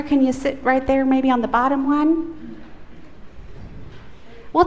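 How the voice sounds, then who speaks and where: A woman pastor leading a prayer, then telling a story to children in an animated, coaxing way. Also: sits high. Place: church sanctuary. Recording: echoey church hall, faint noise.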